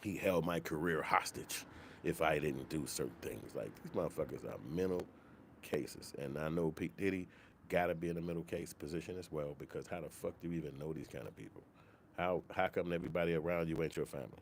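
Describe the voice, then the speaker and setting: Male host with a deep voice, casual and profane, animated opinion talk with a faint hiss. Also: a little fast, vocal fry. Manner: profane, animated, slips into mock quoted voices. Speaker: commentary channel host.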